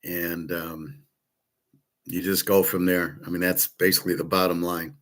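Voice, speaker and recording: A man's voice: low-pitched, little pitch movement, measured pace. A man talking in a blunt, rambling monologue, full of profanity, fillers and restarts, who acts out both sides of imagined conversations. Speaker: sports handicapper and commentator.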